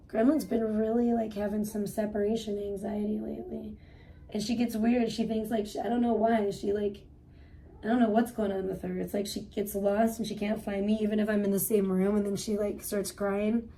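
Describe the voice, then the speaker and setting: A woman's voice: mid-range voice, little pitch movement, normal speed, a little mellow. A woman hosting a livestream, giving blunt, profane commentary in casual, rambling talk. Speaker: livestream host.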